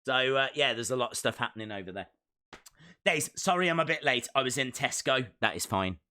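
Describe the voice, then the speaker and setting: A man's voice: mid-range voice, lively intonation, fairly quick, sharp tone. A man hosting a live stream and rambling in a jokey way while he answers chat comments. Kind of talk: casual live watch-along chat.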